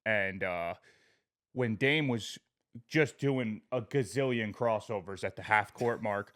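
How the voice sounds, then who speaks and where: A young man co-hosting a podcast, chatting casually about basketball picks and getting excitable when he tells a story. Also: fairly low pitch, slow, dry recording, clean studio sound. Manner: excitable, gets loud retelling stories. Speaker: podcast co-host. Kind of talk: casual sports chat.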